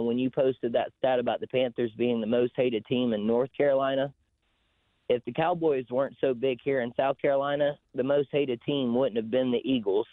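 A man's voice: mid-range voice, no room sound. A man with a Southern US accent calling in to a radio show, telling a folksy story. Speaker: caller. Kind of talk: call-in trash talk. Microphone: phone. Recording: tinny phone line.

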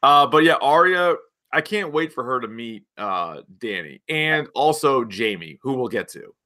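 Bright-voiced man recapping a TV episode. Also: mid-range voice. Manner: animated, jumps between points, quotes scenes in quick asides. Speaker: podcast co-host. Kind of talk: casual TV recap chat.

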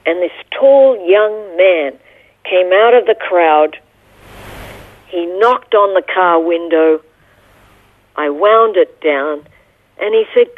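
A woman's voice: mid-range voice, takes it slowly, no echo. Woman telling a story over a phone line. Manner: earnest, vivid storytelling. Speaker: guest. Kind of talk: personal storytelling in an interview.

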